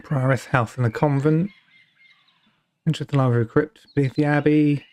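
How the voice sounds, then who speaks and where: A man's voice: fairly high pitch, steady tone, normal speed, darkish tone. A British man casually commenting as he plays, often muttering to himself. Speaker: streamer.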